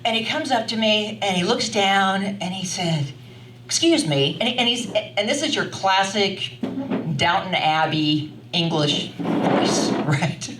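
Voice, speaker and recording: An older woman telling a story live to an audience at a wine bar, animated and chatty, laughing often as she talks. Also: medium pitch, takes it slowly, noisy background. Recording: roomy sound from a distant mic.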